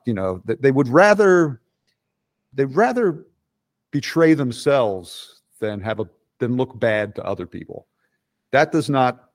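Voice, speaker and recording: A man's voice: mid-range voice, darkish tone. A middle-aged man guesting on a podcast, talking bluntly and profanely in a casual chat, with frequent restarts.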